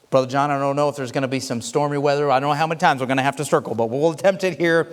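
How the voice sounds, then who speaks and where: A male pastor preaching a sermon, telling a joke story with lively swings from loud to quiet and frequent stammered restarts. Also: medium pitch, a little fast. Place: church sanctuary. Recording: long reverb of a church hall.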